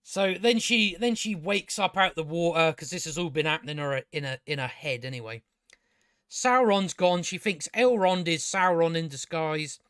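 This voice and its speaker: A man's voice: fairly high pitch, moderate pace, fairly bright tone, clean tone, dry recording, clean studio sound. A man ranting sarcastically as he reviews a show, swearing a lot and mocking the characters. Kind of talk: casual profane rant.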